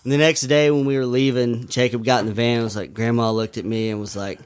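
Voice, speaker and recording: A man's voice: medium pitch, flat delivery, quick pace, clear, resonant tone. A man telling a funny story in casual podcast chat, chuckling through it. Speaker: podcast guest, percussionist.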